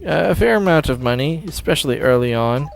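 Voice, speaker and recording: A man's voice: fairly high pitch, expressive, brisk, creaky. A man giving casual, offhand commentary on a video game demo, often correcting himself mid-sentence. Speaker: gameplay commentator. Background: faint game music.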